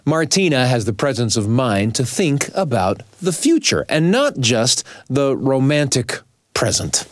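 Calm, thoughtful male host. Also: mid-range voice, measured pace, no room sound, clean studio sound. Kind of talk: reflective radio commentary.

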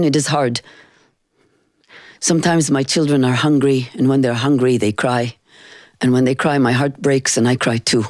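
A woman's voice: very deep voice, darkish tone, no room sound, studio quality. A woman voicing a poor, illiterate man who prays humbly and pleads with a trembling heart.

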